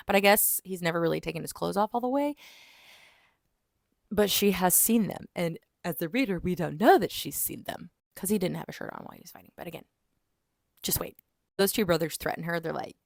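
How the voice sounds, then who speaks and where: A woman giving a casual, animated book review, retelling the plot and dropping in quick voices for the characters. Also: sits low, vocal fry, no room sound, studio quality.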